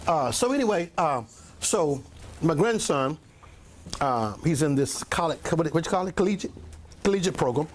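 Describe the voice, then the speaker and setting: An older man, a pastor telling a rambling, animated story in a sermon to his congregation, often clearing his throat and coughing. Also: a little high, moderate pace, a little hiss or hum. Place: church meeting room with a congregation.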